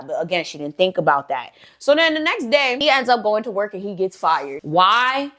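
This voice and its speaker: A woman's voice: medium pitch, sing-song, normal speed, hardly any pauses, a bit bright. A woman hosting a storytime channel, telling a story casually with lots of slang, "like" fillers and swearing.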